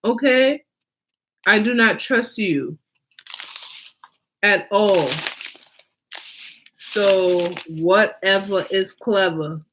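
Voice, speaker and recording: A woman's voice: mid-range voice, drawn-out words, pauses often, noisy background. A woman hosting her own fashion vlog, talking in a casual, emphatic way and repeating phrases for emphasis. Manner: emphatic and animated, with many rhetorical questions and fillers. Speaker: fashion designer and vlog host.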